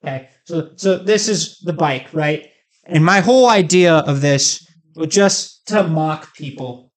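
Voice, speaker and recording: A man's voice: on the high side, measured pace. A man doing a rambling comic monologue, joking and sarcastic. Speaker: comedic host.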